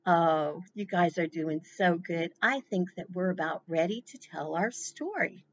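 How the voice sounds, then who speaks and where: A woman presenting a library storytime, reading slowly and encouraging the children warmly as she leads them. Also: fairly low pitch, muffled recording, slight background noise. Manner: encouraging, slow, animated.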